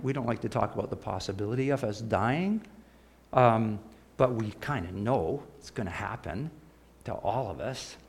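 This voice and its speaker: Male preacher, lively sermon delivery, gravelly tone, swings from loud to hushed. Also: medium pitch. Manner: animated, piles up words, drops to a soft hush.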